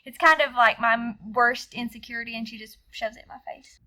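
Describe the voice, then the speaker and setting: Southern woman, high bright voice, animated and exasperated storyteller. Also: fairly quick. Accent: Southern American. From Southern United States. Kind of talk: casual storytelling.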